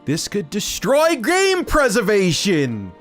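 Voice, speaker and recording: Indignant old Italian man from the Bronx, as a man puts him on, exaggerated Bronx accent, slow and emphatic delivery, a fairly high voice for a man, with faint music playing underneath. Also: huge pitch swings, a bit bright, heavily acted. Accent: put-on New York Bronx.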